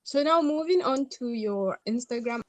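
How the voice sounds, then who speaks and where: A woman's voice: on the high side, expressive, moderate pace, darkish tone, no room sound, low-quality recording. A woman hosting a podcast, asking questions in an upbeat, chatty way. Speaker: podcast host. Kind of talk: casual interview questions.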